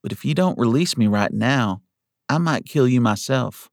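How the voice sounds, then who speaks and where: A man voicing a feisty, sharp-tongued young woman schoolteacher in an audiobook. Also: medium pitch, lively intonation, normal speed, gravelly, no echo, clean studio sound, voice pushed up. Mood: tart. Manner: clipped, scolding.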